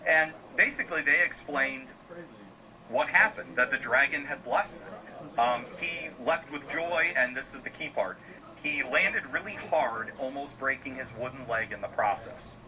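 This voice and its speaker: Rambling man telling a dark tale. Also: mid-range voice, a little slow, rough recording. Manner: loose, rambling, frequent fillers. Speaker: podcast host telling a story. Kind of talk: casual spoken storytelling.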